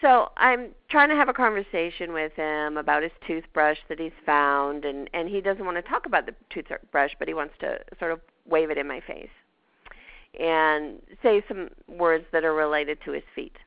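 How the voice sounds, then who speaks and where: A woman's voice: low-pitched, moderate pace, no room sound. A woman with a Canadian accent hosting a show, chatting casually and telling a personal story with laughs. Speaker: podcast host. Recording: dull lo-fi dry sound.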